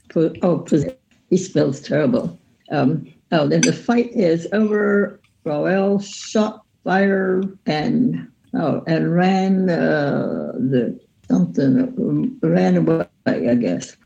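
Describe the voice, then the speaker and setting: An older woman on a family podcast, slowly reading scrawled notes aloud, stumbling over words. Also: low-pitched, lively intonation, gravelly, dark tone, highs cut off. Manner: halting, stumbling over handwriting.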